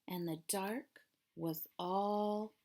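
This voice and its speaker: A woman elementary school teacher reading a picture book aloud with expressive storytelling and voiced sound effects. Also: medium pitch, drawn-out words.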